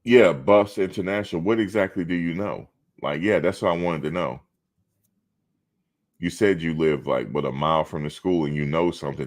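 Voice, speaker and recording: A man's voice: deep voice, normal speed. A man hosting a live stream, talking casually and bluntly, outspoken and swearing freely.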